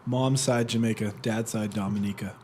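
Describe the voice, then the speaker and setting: A man's voice: fairly low pitch, steady tone, moderate pace, darkish tone, a little hiss or hum. A man from Canada, an actor guest, chatting casually in a teasing, slangy way and laughing often. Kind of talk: casual chat.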